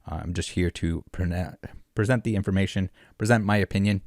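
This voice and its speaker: A man's voice: low-pitched, brisk, darkish tone, no room sound, studio quality. A man hosting a collectibles commentary vlog, rambling and sarcastic with many filler words. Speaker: collectibles channel host.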